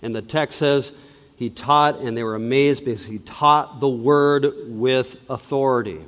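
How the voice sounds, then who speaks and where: A man preaching a sermon as pastor, stressing and repeating key words deliberately. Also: mid-range voice, steady tone, a bit bright, in a large hall. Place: church sanctuary.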